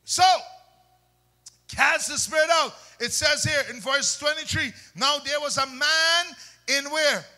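A male preacher, delivering a fiery sermon, shouting and then dropping to soft asides, with call-and-response questions. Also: very high voice. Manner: swings between loud shouts and soft asides.

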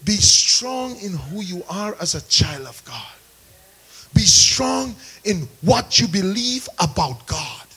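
A man preaching a sermon, calling out to the congregation and rising into shouts. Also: high voice, sing-song, slow pace, husky, low-quality recording. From Caribbean. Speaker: pastor.

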